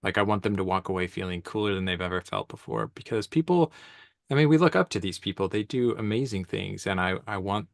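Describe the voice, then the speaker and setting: Photographer guy spinning stories, lots of dude and laughs, lowish voice, dry sound. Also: fairly quick, creaky, no room sound. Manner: animated, laughing, slangy storyteller. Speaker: commercial photographer guest. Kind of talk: casual storytelling conversation. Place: event space on stage.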